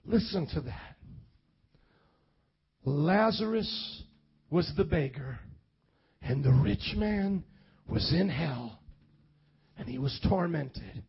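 A man preaching a sermon and reading scripture aloud, dramatic, swinging from loud calls to quiet low reading. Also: animated, takes it slowly, pauses often, breathy edge. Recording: dull lo-fi sound with faint music.

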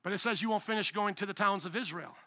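A man's voice: high-pitched, fast, sharp tone, no echo. A man, a pastor, preaching a sermon in an emphatic, conversational way and often asking the congregation questions.

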